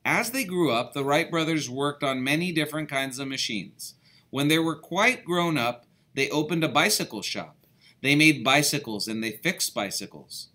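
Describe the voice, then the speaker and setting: A man reading a children's book aloud as a storyteller, expressive and playful. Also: on the high side, normal speed.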